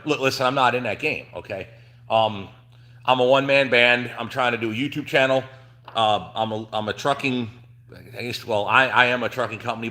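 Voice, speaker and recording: A middle-aged man from New Jersey hosts a casual trucking livestream from his shop. His voice is bright and forceful at an ordinary pitch. He rambles, restarts sentences and fills pauses with ums and uhs. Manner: rambling, chatty, frequent fillers and restarts. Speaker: trucking channel host.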